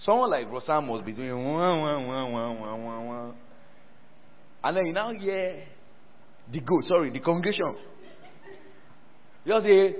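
A man's voice: on the high side, breathy edge. A man preaching a sermon and teaching a Bible word study, calling on the congregation for responses and breaking into mocking, laughing asides. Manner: animated, calls for congregation responses. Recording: echoey hall over a tinny phone-like line.

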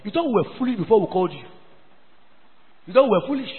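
Emphatic pastor in echoey hall. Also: male voice, high voice, sing-song, fast, phone-quality sound. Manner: emphatic, repeats phrases, scolding. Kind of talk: sermon.

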